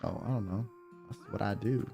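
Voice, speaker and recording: A man's voice: lowish voice, a little fast, gravelly, mellow, slightly rough, soft background music. A man streaming and chatting casually, rambling with lots of fillers and swearing. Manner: rambling, profane, trails off with fillers. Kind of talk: casual livestream chat.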